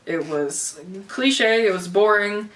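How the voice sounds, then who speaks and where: A young woman rants about a book in a casual vlog, sarcastic, swearing freely and laughing as she goes. Her voice sits at an ordinary pitch and comes from a little way off the mic. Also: animated, slow, fairly bright tone, distant mic. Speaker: book review vlogger.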